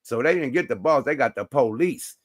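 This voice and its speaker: A man telling a story in casual chat, animated and slangy, acting out both sides. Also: medium pitch, fairly quick, no room sound, clean studio sound. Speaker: host.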